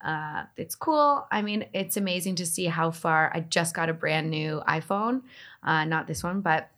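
A woman's voice: low-pitched, measured pace, fairly bright tone. A young woman, chatting enthusiastically as an interview guest about technology, with lots of fillers. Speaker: interview guest, tech blogger. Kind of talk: casual interview chat.

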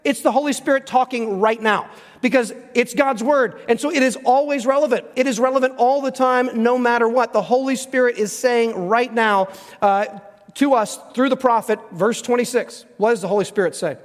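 A man with a very high voice preaches from the pulpit, emphatic and conversational. He drops into a slow, careful pace when he reads scripture. His words ring out with a long reverb in a church sanctuary. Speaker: pastor. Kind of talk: sermon. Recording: reverberant hall.

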